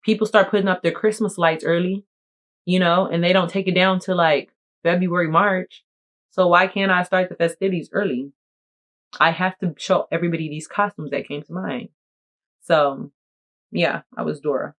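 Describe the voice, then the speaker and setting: A woman's voice: fairly low pitch, normal speed. Playful woman vlogging casually. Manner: playful, jokey, animated. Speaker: content creator. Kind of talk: casual vlog talk to camera.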